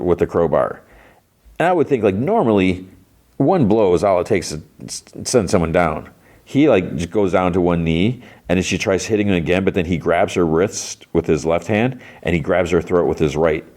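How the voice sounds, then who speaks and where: A deep-voiced man retells a TV episode for his podcast in a loose, rambling way. He piles on fillers and restarts and drops quoted lines into the story as he goes. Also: a little mellow. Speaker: podcast host. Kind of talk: casual episode recap.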